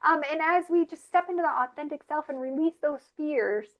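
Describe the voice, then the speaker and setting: Woman, high voice, earnest animated testimony, dull lo-fi recording. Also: a little fast. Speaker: regular panelist. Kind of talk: personal spiritual testimony. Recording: muffled lo-fi audio.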